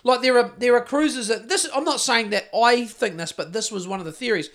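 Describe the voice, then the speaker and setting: Casual podcast host, New Zealand man, high voice, rambly and sweary. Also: brisk, fairly bright tone. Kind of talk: casual chat.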